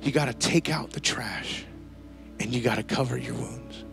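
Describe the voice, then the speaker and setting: A man preaching a sermon to a church congregation, telling a lively story and using casual slang. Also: mid-range voice, moderate pace, creaky, over music. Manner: storytelling, animated, slangy asides. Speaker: pastor. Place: church service before a congregation.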